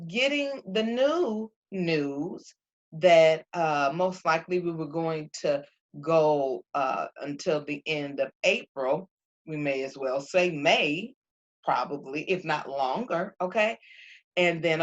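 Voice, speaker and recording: A woman talking casually to viewers about faith and feelings, acting out her own quotes in an animated way. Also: lowish voice, muffled recording.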